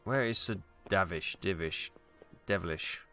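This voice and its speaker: A man's voice: sits low, a little slow, sharp tone, soft background music. A British man from Wales giving casual, rambling commentary on a game he plays, full of ums and asides, on a close mic at home. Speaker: let's play host.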